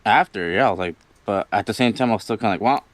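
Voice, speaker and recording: A man with a lowish voice tells a spooky story from his own life. His delivery is loose and rambling, packed with filler words, and he acts out what he said back then. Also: rapid-fire, no echo. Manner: rambling, lots of "like" and "you know", quotes himself. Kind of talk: casual spoken storytelling.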